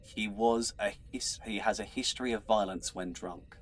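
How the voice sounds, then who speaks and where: A man's voice: fairly low pitch, steady tone, normal speed, a little hiss or hum. A man hosting an online trivia show as quizmaster, chatty, laughing often and tripping over his words. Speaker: quizmaster host.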